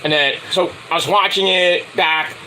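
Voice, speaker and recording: A man's voice: high voice, fairly even intonation, moderate pace, sharp tone, slight background noise, rough recording. A middle-aged man telling a rambling casual story, full of filler words and restarts, acting out the lines he quotes. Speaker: wrestling show reviewer.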